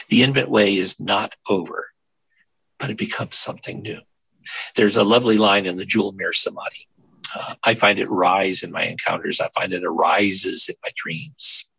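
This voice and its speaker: An older man, a Zen teacher and minister, giving a measured, contemplative spiritual reading with frequent fillers. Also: fairly low pitch, creaky, fairly bright tone, husky, no room sound, low-quality recording.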